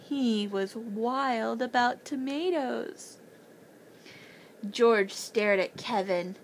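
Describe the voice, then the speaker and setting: Slow, gentle woman reading a storybook. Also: fairly high pitch, slight background noise, low-quality recording. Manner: lifts her voice for the children's lines. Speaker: parent reading a bedtime story. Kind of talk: reading a children's chapter book aloud.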